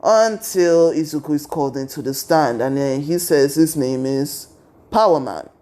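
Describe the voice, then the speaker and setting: A man's voice: a little high, normal speed, mellow. A young man casually retelling a fan story, rambling from one event to the next. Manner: rambling, strings events with "and then he's like".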